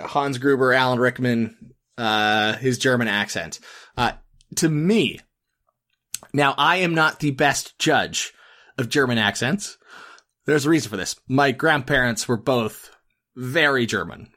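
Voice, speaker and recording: A man's voice: medium pitch, a bit bright. A man co-hosting a casual movie podcast, rambling with lots of fillers and laughing easily. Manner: rambling, hesitant with many fillers, given to laughing. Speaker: podcast co-host. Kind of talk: casual movie-talk chat.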